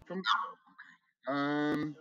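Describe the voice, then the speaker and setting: A man's voice: fairly high pitch, flat delivery, very slow. A man playing in a tabletop game, hesitant and full of questions, on a dull lo-fi mic. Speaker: player.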